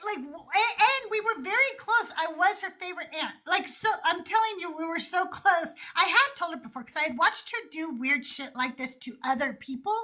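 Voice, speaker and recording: A woman hosting a casual podcast chat, telling stories in an animated way and swearing freely. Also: extremely high pitch, moderate pace, hardly any pauses. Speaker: podcast host.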